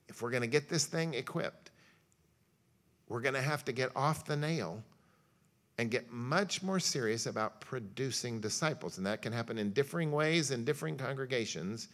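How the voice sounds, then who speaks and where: A man lectures a church luncheon crowd as a pastor, telling folksy stories and acting out bits of dialogue along the way. His voice is bright and forceful, sitting at an ordinary pitch for a man. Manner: folksy storytelling with jokes and acted-out quotes. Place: church hall.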